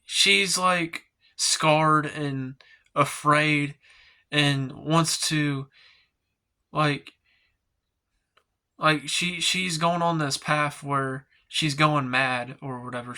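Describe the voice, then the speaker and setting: A man's voice: fairly high pitch, sharp tone, clear, resonant tone. A man giving a casual, rambling movie review, full of filler words and swearing, sounding exasperated as he rants. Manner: exasperated, ranting. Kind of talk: casual spoken film review.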